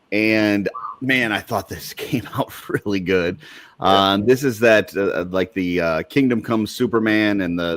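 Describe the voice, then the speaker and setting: A man's voice: fairly low pitch, no echo. A man co-hosting a casual podcast chat, laughing often and restarting sentences. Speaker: podcast co-host.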